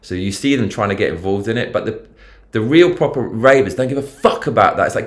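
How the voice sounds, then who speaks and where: His voice is fairly low and expressive, and he talks quickly. He's a livestreamer with a London accent who swears and uses slang as he rambles about the news and reads comments from viewers.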